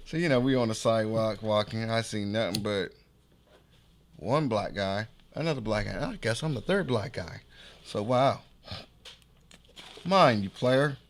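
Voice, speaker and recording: Animated slangy man telling a story. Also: fairly low pitch, unhurried, long pauses. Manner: animated, slangy, acts out quoted voices. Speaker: podcast host. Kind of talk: casual storytelling.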